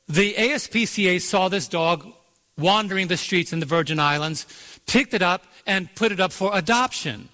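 A man preaching in a church with a bright, forceful, slightly high voice. He tells stories and drives his points home, drawing words out slowly for emphasis. His voice rings with the long reverb of a big sanctuary. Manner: storytelling preacher, dramatic slow-downs and rising emphasis. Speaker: pastor. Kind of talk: sermon.

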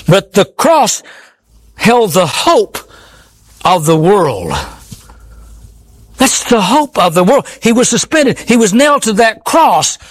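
A man preaching a sermon in an earnest, pleading way, often repeating his words. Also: high voice.

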